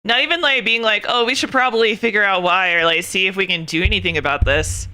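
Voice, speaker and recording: A young woman streamer in casual chat, ranting in an animated, exasperated way with plenty of swearing. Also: medium pitch, fast talker, clear, resonant tone.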